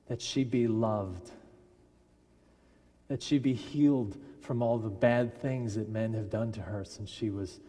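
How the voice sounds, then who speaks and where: A man preaching a sermon as a minister, telling a story with lively delivery and briefly acting out the people in it. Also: lowish voice, breathy edge. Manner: animated storyteller who acts out quoted voices. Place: large church sanctuary. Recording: long church reverb. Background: congregation laughing.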